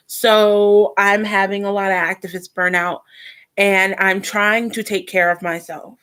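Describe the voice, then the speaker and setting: A young adult woman talking in a casual personal vlog, reflective and earnest, often pausing and restarting. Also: mid-range voice, level tone, fairly bright tone, smooth. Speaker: vlogger.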